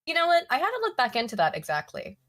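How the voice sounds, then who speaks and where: A woman's voice: sits high, wildly swooping pitch, fast talker, fairly bright tone. A woman from South Africa co-hosting a live stream, laughing often and teasing while she reads out viewer donations. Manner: giggly and teasing. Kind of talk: casual live-stream chat.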